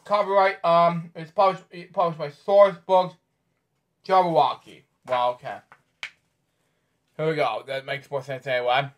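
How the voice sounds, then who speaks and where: A man hosting a bedtime story show, reading a picture book aloud haltingly with offhand asides. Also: fairly high pitch, steady tone. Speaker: host.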